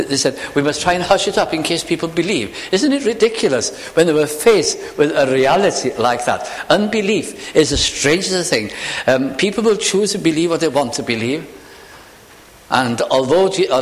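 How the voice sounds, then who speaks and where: A man preaching a sermon, telling a Bible story with slow, emphatic pauses and a shifting delivery. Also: a little high, in a large hall, low-quality recording.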